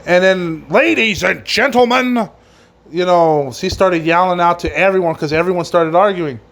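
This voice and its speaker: A podcast host with a fairly high voice runs a casual wrestling recap at normal speed, his intonation fairly even. He rambles loosely, swears freely, and often laughs at his own jokes.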